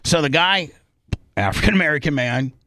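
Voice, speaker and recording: A male radio host with a fairly high voice tells a story casually and at a fairly quick clip, in a dry recording. He's animated, acting out the voices of the people in his tale.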